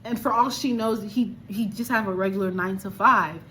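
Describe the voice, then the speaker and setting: A woman's voice: medium pitch, a little fast, sharp tone, a little hiss or hum. A woman from Liberia chatting animatedly and exclaiming as she reviews a film. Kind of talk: casual movie review.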